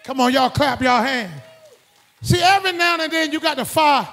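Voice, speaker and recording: A male preacher whose unusually high voice carries a gravelly, fry-laced texture. He rides the room in call-and-response, sliding from hushed asides up to shouted exhortations. The sound hangs in a long reverb, as in a large church hall. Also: brisk. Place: church sanctuary.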